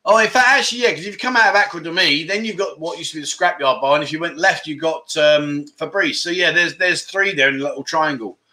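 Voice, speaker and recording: A man's voice: fairly high pitch, fast talker, few pauses, sharp tone. A man hosting a casual livestream, reading out viewer comments in a rambling, jokey way and often losing his train of thought. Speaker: livestream host.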